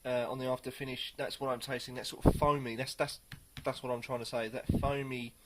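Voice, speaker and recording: Guy chatting through a beer tasting, hesitant, lots of pauses, mid pitched. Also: flat delivery, heavy background noise. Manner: rambling, hesitant, many pauses. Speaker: beer reviewer. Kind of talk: casual beer tasting review.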